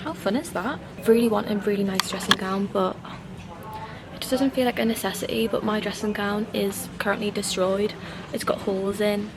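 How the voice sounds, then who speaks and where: A woman in her twenties chatting casually to camera in a vlog, animated and chatty as she tells stories with laughs. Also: medium pitch, normal speed, background noise. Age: 20s. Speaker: vlogger. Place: out and about, shops and street.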